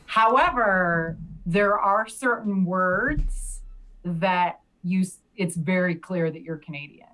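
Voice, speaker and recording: A woman's voice: fairly low pitch, slow, fairly bright tone, poor audio. A woman from the United States, chatting casually on a podcast, hesitant and full of fillers. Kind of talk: casual chat.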